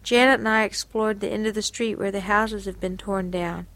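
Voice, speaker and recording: A woman's voice: medium pitch, steady tone, normal speed, fairly bright tone. A woman reading aloud from a personal diary in an earnest, confessional, reflective way.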